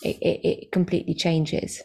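A woman stand-up comedian chatting as an interview guest, talkative and quick to correct herself, with lots of fillers. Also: fairly low pitch, level tone, vocal fry, a little mellow, breathy edge. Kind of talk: casual interview chat.

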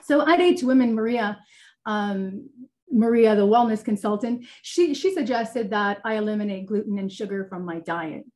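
A woman's voice: mid-range voice, expressive, moderate pace, darkish tone. A woman giving a candid personal faith testimony on a webinar, speaking earnestly with many fillers over a video call. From Italian heritage. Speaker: guest sharing her testimony.

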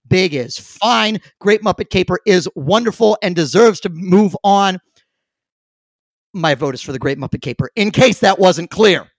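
Ranting, profane higher-voiced man. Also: lively intonation, normal speed, no echo. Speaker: panelist. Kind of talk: casual podcast chat.

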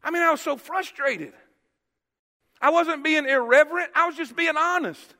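Emphatic pastor, high bright voice. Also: male voice, moderate pace. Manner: storytelling, emphatic, repeats words. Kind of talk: sermon. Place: church sanctuary. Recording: church hall reverb.

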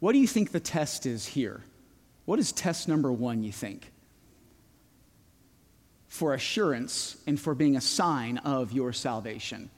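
Slow, emphatic male preacher in a reverberant hall. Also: medium pitch, lively intonation. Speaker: pastor. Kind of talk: sermon.

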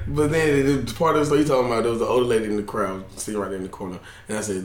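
A man tells his stand-up stories in a relaxed, rambling way during a casual podcast chat. His grammar is loose and colloquial. The room gives his voice a noticeable echo. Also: medium pitch, fast. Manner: laid-back storytelling, colloquial grammar. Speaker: comedian guest.

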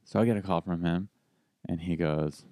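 A man's voice: low voice, steady tone, normal speed, warm tone, no room sound, clean studio sound. A man who is a stand-up comedian, telling a story in casual podcast chat, acting out quoted voices and swearing.

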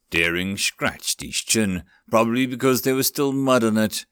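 A man narrating a story aloud in an expressive, lively reading. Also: lowish voice, moderate pace, hardly any pauses, clear, resonant tone, no room sound, studio quality.

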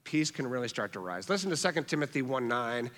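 A man preaching a sermon as pastor, earnest, repeating phrases for emphasis and dropping soft on key words. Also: medium pitch, animated, quick pace, long reverb tail.

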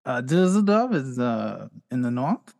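A man putting on a loud German singer. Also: medium pitch, big pitch swings, unhurried, gravelly, big-room sound, voice pushed down. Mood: plain. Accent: mock German. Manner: loud, screaming into the mic. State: sore throat. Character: brash male anthem singer from Germany. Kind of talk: improv comedy.

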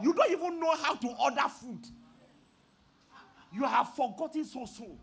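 A man preaching a sermon, telling a story with laughter and sudden shouted peaks. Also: very high-pitched, animated, unhurried, vocal fry, long pauses. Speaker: pastor.

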